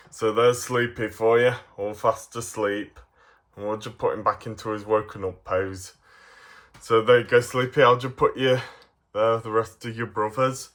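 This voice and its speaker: A man's voice: lowish voice, steady tone, a little slow, fairly bright tone. A man reviewing toy figures in a casual, playful way, giggling often.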